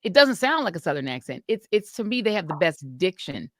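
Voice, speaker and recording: A woman co-hosting a podcast, chatting casually and telling stories in an animated, emphatic way. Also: lowish voice, a little fast, dry recording, clean studio sound. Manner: animated, emphatic storytelling with laughs. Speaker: podcast co-host. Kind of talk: casual chat.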